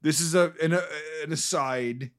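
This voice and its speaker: A man co-hosting a podcast in animated, profane, teasing casual chat. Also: on the high side, normal speed. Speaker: podcast co-host.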